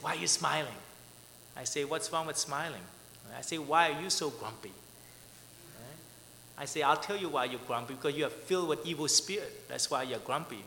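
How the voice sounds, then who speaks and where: A man's voice: fairly high pitch, bright, forceful tone, slight background noise. A man, a pastor, preaching a conversational sermon, telling stories and checking in with "right?" after nearly every line. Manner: conversational, repeatedly asks "right?", laughs often. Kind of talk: sermon with storytelling. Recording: echoey hall with long reverb.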